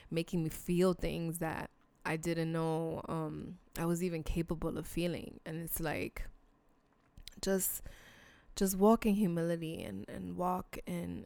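A woman's voice: lowish voice, gravelly, a little mellow, clean tone, no echo. A woman hosting a solo podcast, talking bluntly and earnestly to her listeners, casual and emotional, with some swearing. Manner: emotional, sincere appeals to listeners. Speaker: podcast host. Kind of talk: heartfelt solo podcast talk.

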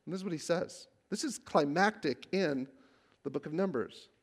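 A male pastor preaching a sermon, telling the story with animation and acting out the quotes, then growing hushed when he reads scripture. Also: a little high, lively intonation, moderate pace. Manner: drops to a hushed, reverent tone when reading scripture.

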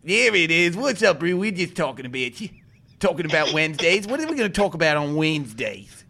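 Co-host, man, playful mock-Kiwi slang, slow gravelly delivery, faint noise behind. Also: a little high, very animated, pushed and bright. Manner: goofy, drawn-out slang, laughing. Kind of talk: joking radio banter in a put-on Kiwi accent.

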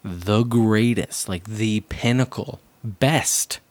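Male podcast host, low voice, joking hype man, dry close mic. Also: darkish tone, no echo. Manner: joking, drawn-out hype with swearing. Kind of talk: casual podcast banter.

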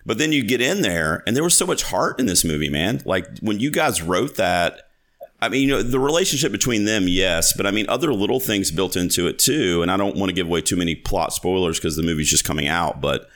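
A man's voice: low voice, animated, brisk, fairly bright tone. A man hosting a podcast interview, chatting casually and enthusiastically, rambling with lots of fillers and restarts. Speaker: podcast host.

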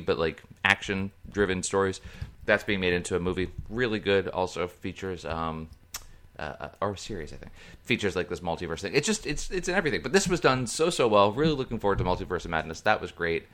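A man co-hosting a casual podcast chat, rambling and animated, trailing off mid-sentence. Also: fairly low pitch. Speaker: podcast co-host.

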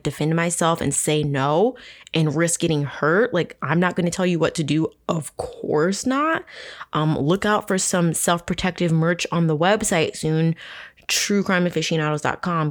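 A young adult woman hosting a true crime podcast, telling stories in a casual, profane, animated way. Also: low voice. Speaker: podcast host.

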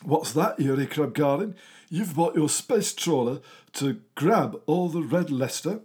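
A man's voice: a little high, animated, unhurried, darkish tone, slightly rough. A man hosting a comedy show, rambling and interrupting himself as he improvises a cheery children's story. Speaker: host.

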